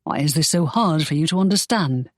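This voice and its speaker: A woman with a deep voice and lively intonation reads an audiobook a little fast, recorded with studio quality and no room sound. She voices a stern, brusque young man, a secretive pirate, in a curt, scolding way.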